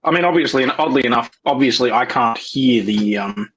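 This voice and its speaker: A man's voice: mid-range voice, fairly quick, a bit bright, breathy edge. A man with an Australian accent chatting easily as a co-host on a livestream, with dry understatement. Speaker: co-host guest. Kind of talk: casual livestream chat.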